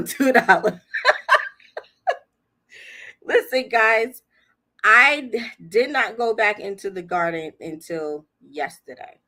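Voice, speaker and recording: A woman hosting a livestream tells a story casually and chattily, laughing often and acting out what people said. Her voice is on the high side, pushed and bright, and she speaks slowly with long pauses.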